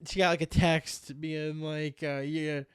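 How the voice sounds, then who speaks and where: High-voiced man telling animated stories. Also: unhurried, clear, resonant tone, no echo, clean studio sound. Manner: animated storyteller acting out calls, laughing often. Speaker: podcast co-host. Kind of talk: casual chat.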